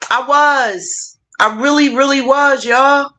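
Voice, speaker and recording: A middle-aged woman host chats with her livestream audience at an unhurried pace. Her voice is bright and forward, and she moves from soft reassurance to playful, high-pitched teasing as she speaks to viewers by name. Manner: warm, encouraging, animated with big pitch swings; playful, addresses viewers directly. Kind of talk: casual livestream chat with viewers.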